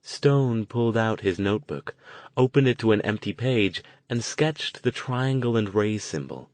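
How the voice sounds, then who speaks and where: Male audiobook narrator, low voice, steady read, dry close mic. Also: unhurried, no echo. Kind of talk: scripted narration.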